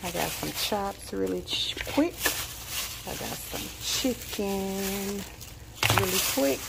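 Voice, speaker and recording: A woman's voice: on the low side, gravelly. A woman chatting to her viewers about her purchases, filming on a handheld phone at home. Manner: chatty, addresses viewers as y'all, listing purchases. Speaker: home decor vlog host. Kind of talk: casual chat to viewers. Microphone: handheld phone, no tripod. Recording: loud background noise.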